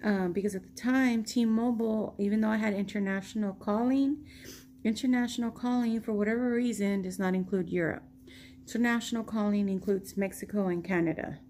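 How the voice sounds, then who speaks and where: Vlogger woman, stuffy nose, mellow tone, slow rambling delivery, faint hum behind. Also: mid-range voice, steady tone. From United States. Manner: slow, rambling, laughs often. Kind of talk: casual storytelling.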